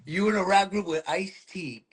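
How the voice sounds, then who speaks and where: A man hosting a podcast, chatting in an excited, slangy way over a video call. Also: high voice, normal speed, slightly rough. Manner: excited, slangy, calls guest bro. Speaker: podcast host. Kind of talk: casual chat.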